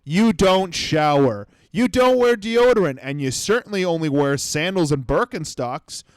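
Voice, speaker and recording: A young man on his comedy podcast goes off in a sarcastic, profanity-laced rant, mocking people with quick impressions. His voice sits a little high for a man. The sound is dry and close to the mic, with no room around it. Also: animated, clean tone, no room sound.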